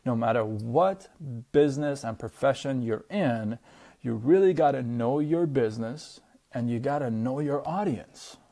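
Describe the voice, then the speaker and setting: A man's voice: mid-range voice, animated, a little slow, warm tone. A man telling a personal story to camera in a loose, chatty way, full of fillers and tag questions. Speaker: vlogger.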